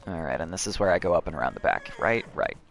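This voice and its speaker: A man with a fairly low voice chatting over his gameplay stream. He rambles, trips over his words and keeps restarting sentences, in an easygoing commentary. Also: expressive, fast talker, gravelly, a bit bright, a little hiss or hum. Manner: rambling, many restarts and self-corrections.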